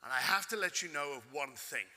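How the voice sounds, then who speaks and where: Animated Londoner telling a story on stage. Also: male voice, on the high side, fairly quick. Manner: animated, cheeky, swears casually. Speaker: keynote speaker. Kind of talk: storytelling keynote. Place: conference hall stage with audience. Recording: echoey hall with long reverb.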